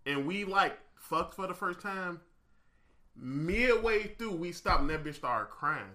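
A man with a high, very lively voice holds the floor in a loose group conversation. His tone is bright and sharp, and he slips into other people's words as he tells a story. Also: measured pace, a little hiss or hum. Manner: animated, acts out quotes in storytelling. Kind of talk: casual group chat.

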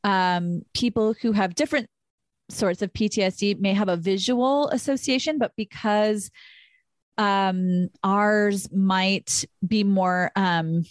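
A woman's voice: mid-range voice, slow, no echo, studio quality. A woman hosting a podcast, talking frankly and emotionally about her own relationships and swearing freely in a candid conversation. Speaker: podcast host.

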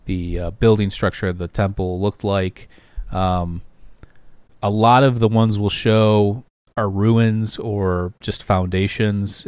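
A man co-hosting a podcast, talking through slides in a loose, rambling way with lots of fillers and pauses. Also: low voice, darkish tone, clear, resonant tone, no room sound. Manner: rambling, hesitant, many fillers. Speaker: podcast co-host. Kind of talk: casual podcast discussion.

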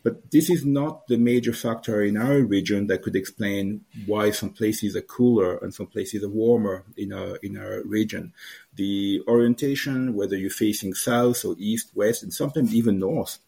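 Husky gravelly-voiced man, halting. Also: on the low side, dark tone. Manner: hesitant, many "uh" fillers, explanatory. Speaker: wine grower. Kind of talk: interview answers.

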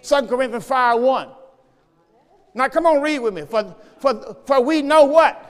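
A man's voice: very high voice, unhurried. A man preaching a sermon as pastor, teaching from scripture in a call-and-response style and repeating key phrases. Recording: long church reverb.

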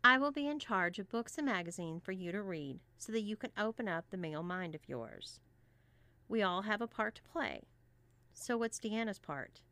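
A stern, organized college girl, as a woman reads her speaks in calm, clipped commands from a storybook. The voice sits in a middle range with a dry, close sound. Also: mid-range voice, moderate pace, dry recording.

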